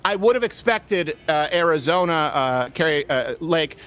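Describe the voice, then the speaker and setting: A man who is a comedian, hosting a joking panel discussion with quick asides. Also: on the high side, clean tone. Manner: animated, wisecracking, quick asides. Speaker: host. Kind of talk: joking election-night panel talk.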